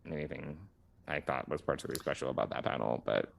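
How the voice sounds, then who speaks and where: A man's voice: extremely low pitch, fast, gravelly, a little hiss or hum. A man co-hosting a podcast in casual chat, blunt and wry, laughing now and then as he talks. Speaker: podcast co-host.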